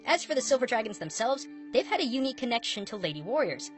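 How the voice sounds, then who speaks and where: A woman narrating a scripted video at a quick clip, her pitch leaping around in a lively, playful way. Background music runs beneath her voice-over. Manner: upbeat, bouncy, playful. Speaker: video host.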